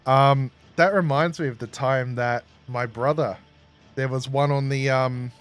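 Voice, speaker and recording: Over soft background music, a man with an Australian accent plays a game on stream and tells rambling, chatty stories, laughing at his own tales. His medium-pitched voice is fairly even in intonation, and he keeps a measured pace.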